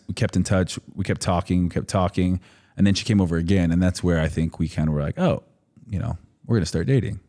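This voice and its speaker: A podcast guest in his thirties rambles through stories in casual conversation, full of fillers and laughter. He has a lowish voice with a darkish tone.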